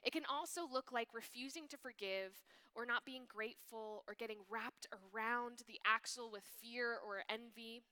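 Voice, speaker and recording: A woman speaking at a youth ministry, giving a sermon reading with expressive delivery and hushed, whispered asides. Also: a little high, moderate pace.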